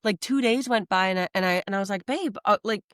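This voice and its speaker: A woman's voice: mid-range voice, fast. A woman with a mid-range voice chimes in during a casual chat, adding details and agreeing with her husband. The recording is dry and close, with no echo. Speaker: co-host, veteran's wife.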